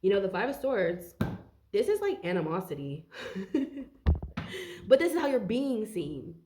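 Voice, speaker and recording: A woman's voice: mid-range voice, sing-song, a little slow, noisy background. A young woman giving a casual, rambling tarot reading, out of breath and swearing now and then. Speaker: tarot reader.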